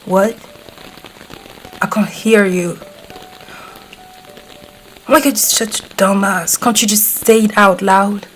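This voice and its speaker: A woman voice actor playing a gruff, hot-tempered teenage boy who swears, blusters and gets flustered, speaking to the listener in an audio role-play. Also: medium pitch, dark tone, slight background noise, rough recording.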